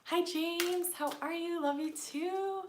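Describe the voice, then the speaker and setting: A woman chatting casually on a live stream as a tarot reader, bubbly and giggly, often dropping to a hushed voice so she won't wake her daughter. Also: extremely high pitch, fairly even intonation, slow pace, reverberant, background noise. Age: adult with a young daughter. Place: home workspace at night.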